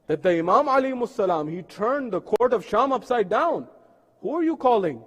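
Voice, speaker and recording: A man delivers an impassioned sermon in a mosque, his high-set voice carrying through a long, ringing hall reverb. He swells loud when he chants verses of poetry and sinks low and quiet through the laments. It sounds like a live stream from the prayer hall. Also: big pitch swings, fairly quick. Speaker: preacher. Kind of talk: sermon with recited Urdu poetry.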